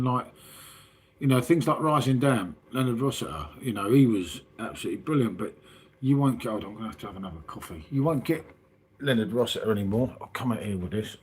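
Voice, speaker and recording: Man, southern English accent, husky voice, rambling casual livestream chat, says "mate" a lot. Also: mid-range voice, darkish tone. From southern England. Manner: chatty, rambling, lots of tag questions and "mate". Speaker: livestream host.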